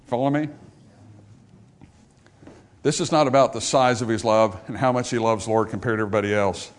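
A pastor preaching a sermon in a church, swinging between emphatic high points and hushed, soft passages. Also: male voice, fairly even intonation, brisk. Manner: dynamic preaching, rising to emphatic highs and dropping to hushed lows. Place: church sanctuary.

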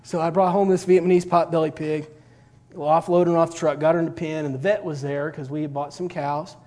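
Folksy preacher, slightly high voice. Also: male voice, fairly even intonation, fairly quick, a little mellow. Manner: folksy, rambling storyteller with many fillers. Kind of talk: storytelling sermon.

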